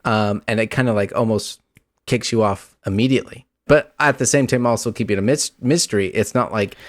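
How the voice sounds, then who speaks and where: A man's voice: fairly low pitch, a little fast, dry recording, studio quality. A man co-hosting a casual tabletop podcast, thinking aloud and often repeating his words. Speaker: podcast co-host. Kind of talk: casual chat about a tabletop campaign.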